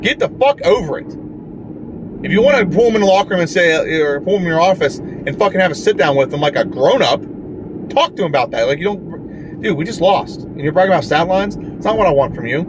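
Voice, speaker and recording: A man's voice: fairly high pitch, expressive, fast. Frustrated man ranting over street noise. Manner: frustrated, blunt, swears often. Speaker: sports fan vlogger. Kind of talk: ranting fan reaction.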